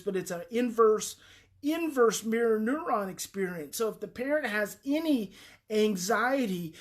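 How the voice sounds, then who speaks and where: A woman talking earnestly and emphatically as a parenting advice host, repeating key phrases for weight. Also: mid-range voice.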